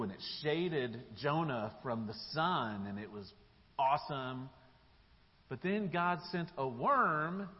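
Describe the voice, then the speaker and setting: A man preaching a sermon in a church, retelling the story in a lively, casual way with slang. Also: on the high side, husky. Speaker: pastor. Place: church sanctuary. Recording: dull live church recording with long hall echo.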